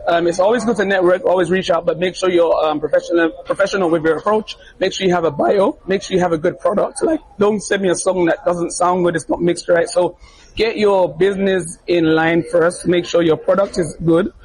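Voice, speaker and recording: A man's voice: high voice, fairly even intonation, fairly quick, darkish tone, breathy edge, poor audio. A man with a British accent giving a casual backstage interview as a DJ, friendly and laughing often while giving earnest advice. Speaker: DJ and interview guest. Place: backstage media room at a music festival.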